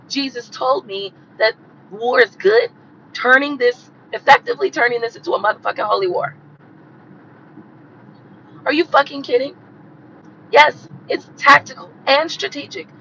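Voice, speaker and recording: Woman streamer with a cold: hoarse, gravelly, bright-edged voice, blunt and profane, hammering the same points over dull lo-fi audio. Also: high-pitched, a little hiss or hum. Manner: blunt, profane, repeats herself for emphasis. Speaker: tarot reader hosting a livestream. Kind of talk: profane rant on a live stream.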